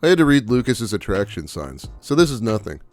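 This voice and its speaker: A man's voice: on the low side, a little fast, soft background music. Dry sarcastic man reading posts. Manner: sarcastic, deadpan asides. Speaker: channel host reading posts.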